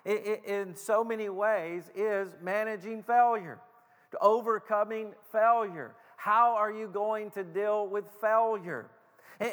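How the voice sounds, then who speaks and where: A man preaching a sermon as pastor, emphatic and halting, with repeated stammered starts and slowed, stressed phrases. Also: sits high, a bit bright. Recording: long hall reverb.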